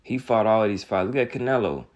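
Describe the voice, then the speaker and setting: A man's voice: lowish voice, fast talker, darkish tone, highs cut off. A young man, ranting in casual commentary with a heated, mocking, repetitive manner. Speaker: boxing commentator.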